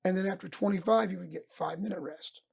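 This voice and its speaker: He's a middle-aged man who coaches wrestling, and his voice sits high with a gravelly, husky texture. A fast talker, he tells tales from his youth in an informal podcast interview, acting out his old coaches' lines with lots of energy.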